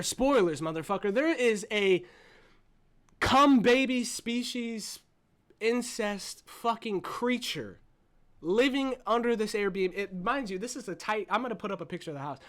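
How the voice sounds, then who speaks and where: Excitable man raving about a movie. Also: high voice. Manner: excited, profane, swings between loud and hushed. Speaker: movie reviewer. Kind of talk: casual movie review.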